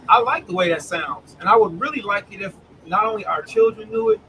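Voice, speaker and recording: A man leads a Bible study over a video call, reading verses slowly and then asking the group what they think. His voice sits high and lively. Faint background noise can be heard behind him. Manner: animated, calls on listeners by name, reads scripture slowly. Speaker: preacher. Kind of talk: online Bible study sermon.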